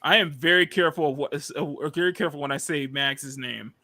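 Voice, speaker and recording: Excitable, giggly male streamer, high voice with a gravelly edge. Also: brisk. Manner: giggly, excitable, greets chat by name. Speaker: streamer host. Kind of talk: casual live-stream chat.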